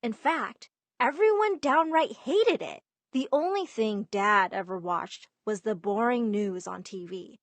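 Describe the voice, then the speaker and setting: A young woman narrating an animated story in a lively, emphatic way. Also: a little high, no echo.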